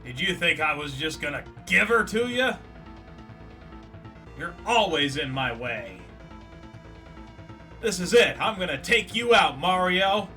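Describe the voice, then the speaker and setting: A man's voice: high voice, very animated, a little slow, long pauses, sharp tone, far from the mic, faint music behind, full character voice. Man voicing a boastful villain king. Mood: taunting.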